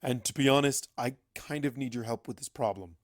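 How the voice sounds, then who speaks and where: A man's voice: medium pitch, fairly quick, dry recording, clean studio sound, lightly acted. A man voicing a proud but weary male unicorn wizard in a fanfic audiobook reading, earnest and apologetic. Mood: pleading.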